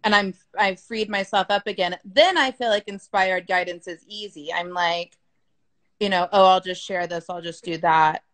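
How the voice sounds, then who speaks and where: A woman's voice: lowish voice, moderate pace, fairly bright tone. A woman talking frankly and casually in an interview, with many fillers and the odd swear word. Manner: frank, chatty, sprinkled with swearing and "like". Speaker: business coach being interviewed.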